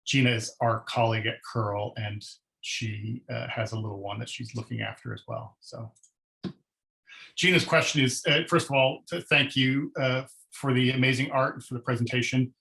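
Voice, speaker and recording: A man hosting a webinar over a video call, speaking haltingly with many fillers and open enthusiasm. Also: medium pitch, steady tone, vocal fry, pushed and bright, rough recording. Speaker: webinar host and moderator. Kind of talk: moderating a webinar Q&A.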